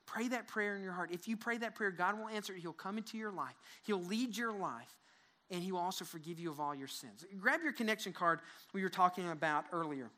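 A pastor preaches at a church service with a bright, forceful tone. The delivery is earnest and direct, with repeated words and restarts. Mid-sermon, the pastor leads the listeners through a prayer. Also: mid-range voice, brisk. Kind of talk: sermon to a live congregation.

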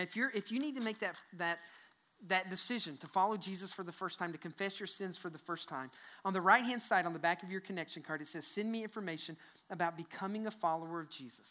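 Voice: mid-range voice, bright, forceful tone. A pastor delivering a sermon at a church service, speaking earnestly and directly to the listeners, repeating words and leading them in prayer. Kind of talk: sermon to a live congregation.

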